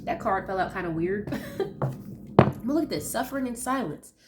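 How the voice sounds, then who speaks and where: A woman's voice: medium pitch, expressive, moderate pace, heavy background noise. A woman reading tarot in a casual chat, talking loosely with many fillers, her voice nasal from allergies. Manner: chatty, loose, full of fillers and asides. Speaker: tarot reader.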